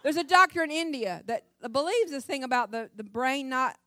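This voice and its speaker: A middle-aged woman speaks at a church women's gathering, mixing scripture with jokes in an animated, laugh-filled way. Her voice sits high, and the close mic keeps it dry and free of room sound. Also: moderate pace, no echo. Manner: animated, laughs often, sings snippets. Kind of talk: humorous devotional talk.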